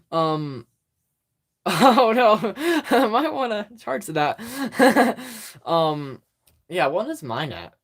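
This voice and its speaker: A chatty livestream host talking straight into a phone at home, giggling often and losing the thread. The voice is mid-pitched, and the talk wanders through fillers and restarts. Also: very animated, drawn-out words, long pauses. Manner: rambling and giggly, full of fillers. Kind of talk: casual livestream chat with viewers.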